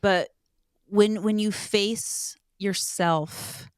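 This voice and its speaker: A woman's voice: medium pitch, steady tone, very slow, smooth, no room sound, clean studio sound. A woman hosting a podcast interview, effusive and reflective, thinking aloud as she talks. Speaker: podcast host. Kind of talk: conversational interview.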